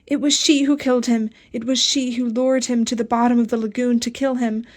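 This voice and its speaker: A woman voicing a hysterical young woman in an audiobook, strident and accusing, her voice raised and shrill. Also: little pitch movement, fairly quick, darkish tone, close to an everyday voice. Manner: accusing, frantic.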